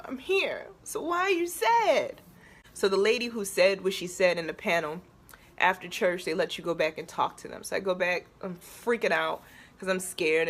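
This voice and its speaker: Woman vlogger, husky voice, confessional and raw, halting delivery veering from nervous laughs to near tears. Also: lowish voice. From Baltimore area, USA. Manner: emotional, halting, shifts between laughter and tears. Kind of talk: personal confessional vlog.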